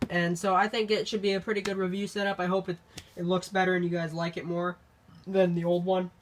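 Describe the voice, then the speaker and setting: Sick and congested by their own account, a young YouTuber rambles through a casual channel update, halting often with ums and restarts. The delivery is flat at a medium pitch, with slight background noise.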